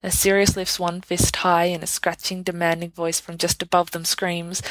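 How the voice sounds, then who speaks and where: A woman narrating a fan story aloud in an even, measured way. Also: lowish voice, no echo, poor audio. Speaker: podfic reader. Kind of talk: scripted narration.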